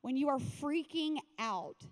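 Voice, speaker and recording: A woman pastor giving a lively, joking, conversational sermon at a women's retreat. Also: high voice, slow.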